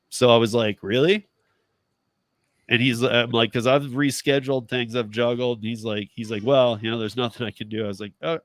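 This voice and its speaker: A man in his thirties hosting a casual talk show, telling a story with lively acted-out dialogue. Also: mid-range voice, dry recording. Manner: animated storytelling, acts out quoted dialogue, laughs often. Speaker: podcast host, rideshare driver. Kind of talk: casual chat.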